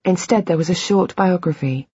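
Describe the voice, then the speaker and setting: A woman reading a first-person audiobook in a measured, reflective, quietly intimate way. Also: fairly low pitch, slightly rough, no echo, dull audio. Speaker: audiobook narrator.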